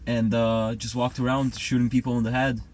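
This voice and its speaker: A man's voice: mid-range voice, flat delivery, a little fast, a little mellow. Rambling man in casual chat. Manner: rambling, self-assured. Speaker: co-host.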